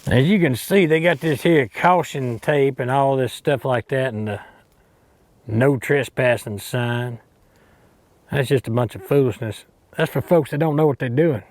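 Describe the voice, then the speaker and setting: An actor playing a bumbling, boastful redneck Bigfoot hunter with an Alabama Southern drawl, rambling and cocky in a mock outdoor show. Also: male voice, mid-range voice, measured pace, a little mellow, dry recording, natural voice. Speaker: hunting show host character.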